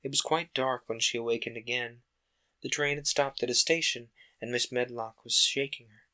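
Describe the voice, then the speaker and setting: A man host reading a classic children's book aloud in a calm, steady narration. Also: mid-range voice, normal speed. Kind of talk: audiobook-style narration.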